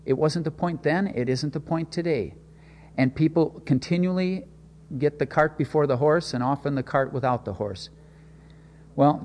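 Pastor guy preaching, kinda high voice, big hall echo, gets loud then soft. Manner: expressive storytelling with sudden swings in loudness. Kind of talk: sermon. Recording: long hall reverb.

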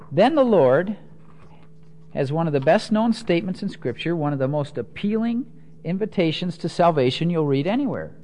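A man preaching a teaching sermon, explaining scripture with everyday examples and moving between soft asides and emphatic quotes. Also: on the high side, animated, a little fast.

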